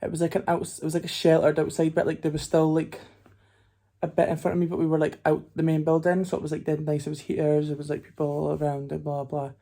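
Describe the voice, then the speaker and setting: A man's voice: a little high, completely flat delivery, fast, creaky, mellow, no echo. A young man, rambling casually with lots of fillers as he vlogs his trip, filming himself on a phone outdoors. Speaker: vlogger. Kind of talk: casual travel vlog talk.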